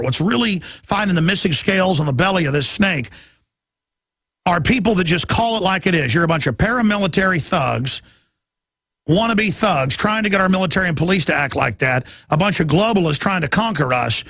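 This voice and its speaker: A middle-aged man from Texas delivers a heated talk radio rant, his voice pitched high with a gravelly rasp. He hosts the show and mocks his opponents as he goes. The sound is close and dry, with no room around it. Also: expressive, fairly quick, fairly bright tone, no room sound. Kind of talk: impassioned talk radio monologue.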